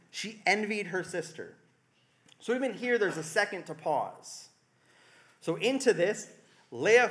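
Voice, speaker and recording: Bright-voiced man preaching, wry and conversational. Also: high-pitched. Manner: conversational, wry, acts out quotes with rising emphasis. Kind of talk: sermon.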